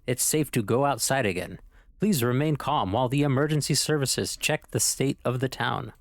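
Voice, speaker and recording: A man's voice: mid-range voice, normal speed, dry recording, natural voice. A man voicing an official emergency announcement in a horror game playthrough, in a formal announcing manner.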